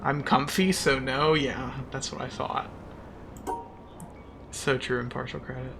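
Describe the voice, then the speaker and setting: A man's voice: medium pitch, fairly even intonation, measured pace, vocal fry. A man streaming a puzzle game in casual chat, frustrated and self-mocking, who swears often and thanks viewers as he plays. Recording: game stream with music behind.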